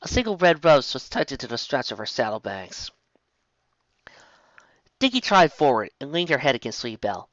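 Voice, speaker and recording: A woman narrates a fan story with expressive, animated delivery. Her voice sits mid-range and moves a lot in pitch. The recording is dry and a little dull. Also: normal speed, pauses often, no echo. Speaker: reader. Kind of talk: reading a fan story aloud.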